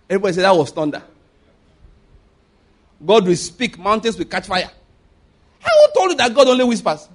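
Preacher guy, pretty high voice, animated, laughs a lot, does little voices. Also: fairly quick, pauses often. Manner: lively, laughing often, acts out quoted voices. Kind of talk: sermon.

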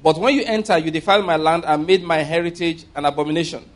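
A man's voice: fairly high pitch, steady tone, fast. A man preaching a sermon, reading scripture aloud and stressing words for emphasis, with occasional restarts.

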